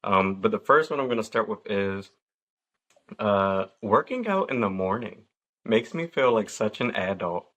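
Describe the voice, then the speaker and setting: A man in his thirties hosting a casual podcast chat, telling stories with lively acted-out quotes. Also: on the low side, unhurried. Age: 30s. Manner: animated storyteller acting out quotes. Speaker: podcast host.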